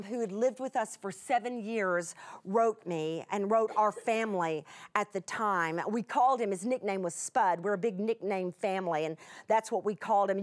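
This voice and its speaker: A middle-aged woman, telling an emotional personal story in a folksy, chatty way that turns tearful at times. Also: mid-range voice. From United States. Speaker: Bible teacher guest.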